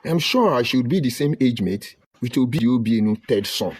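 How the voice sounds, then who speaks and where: A Nigerian man from Delta State giving an impassioned online broadcast, preaching emphatically and swinging between loud outbursts and low murmurs. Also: animated, normal speed, few pauses, husky, dry recording. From Nigeria (Delta State, Ika). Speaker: online commentator.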